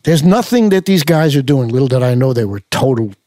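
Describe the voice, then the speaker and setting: A man's voice: mid-range voice, animated, a little fast, warm tone, no echo, studio quality. An older man, a musician being interviewed, telling stories in a loose, rambling way with many fillers and restarts. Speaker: musician guest. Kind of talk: casual storytelling interview.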